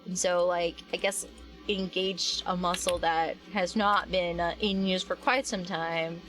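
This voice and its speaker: A woman's voice: on the low side, fairly even intonation, a little slow, fairly bright tone. Young woman, live-stream chat, rambling, filler-heavy, faint music behind. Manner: chatty and rambling, many fillers and restarts, reads and answers chat. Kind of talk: casual live-stream chat while working.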